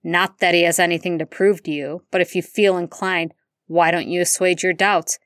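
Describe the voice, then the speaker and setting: A woman's voice: lowish voice, fairly even intonation, moderate pace, a bit bright, no echo, studio quality, close to an everyday voice. A woman reading the part of a grown werewolf wizard who speaks in a cold, clipped, controlled way.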